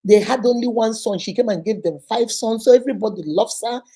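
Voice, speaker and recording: Nigerian woman storyteller, mellow tone, fairly high. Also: fairly quick, vocal fry, breathy edge. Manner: animated retelling, acts out quoted voices, chatty asides to viewers. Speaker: vlogger.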